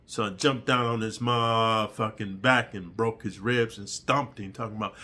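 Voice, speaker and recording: A middle-aged man telling prison stories in an animated, profane street-storytelling monologue. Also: lowish voice, normal speed.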